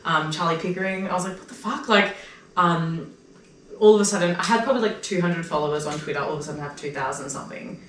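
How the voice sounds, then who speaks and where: Lively Australian woman telling stories. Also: lowish voice, quick pace, slight background noise. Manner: animated storyteller who acts out her own quoted lines. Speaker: comedian guest. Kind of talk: casual podcast chat. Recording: echoey room, mic far off.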